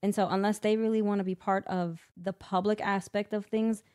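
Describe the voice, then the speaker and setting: A woman's voice: mid-range voice, little pitch movement, brisk, a little mellow. A woman co-hosting a podcast in casual chat, earnest in her views and teasing her partner, with frequent laughter. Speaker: podcast co-host.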